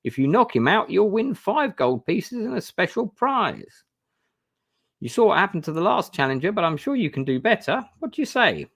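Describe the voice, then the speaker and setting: A man doing a loud, brash showman manager. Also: high-pitched, very animated, moderate pace, gravelly, husky, voice pushed up, exaggerated voice. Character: loud showy male ogre-fight manager.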